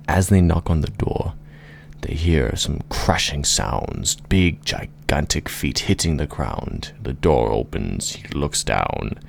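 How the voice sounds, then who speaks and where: A man's voice: rumbling low, animated, takes it slowly, vocal fry, slight background noise. A man narrating an improvised comic fantasy story with rambling, laughing asides.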